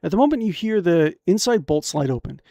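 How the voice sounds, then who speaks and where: In a dry, clean studio recording, a young man with a high-sitting voice talks a little fast. Streaming a fantasy adventure game, he reads its text aloud and peppers it with crude asides, keeping the casual commentary excitable and jokey.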